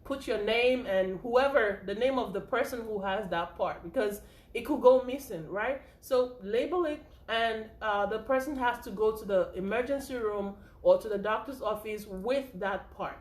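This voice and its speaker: A woman's voice: a little high, normal speed. Chatty woman teaching first aid, echoey room. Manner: chatty, repeats points with frequent "okay?" and "right?". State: a little out of breath. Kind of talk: informal spoken lesson.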